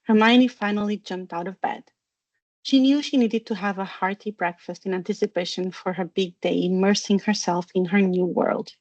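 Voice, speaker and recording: A woman's voice: mid-range voice, fairly even intonation, moderate pace, darkish tone, no echo. Woman reading a storybook aloud. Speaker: narrator. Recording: dull, dry narration recording.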